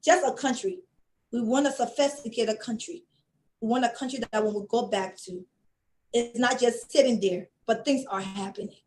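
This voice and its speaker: A woman from Liberia makes an impassioned closing appeal as an interview guest, her voice sitting a little high. She speaks earnestly, close to tears, and repeats her phrases for emphasis. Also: poor audio. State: tearing up. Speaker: guest, project founder.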